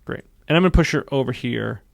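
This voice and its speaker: A man walks through a software tutorial at a brisk clip, his voice gravelly. He is upbeat and says many lines twice as he clicks along. The sound is dry and close, with no room around it. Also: medium pitch, no echo. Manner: upbeat, repeats phrases while narrating clicks. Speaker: software instructor. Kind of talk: screen-recorded tutorial.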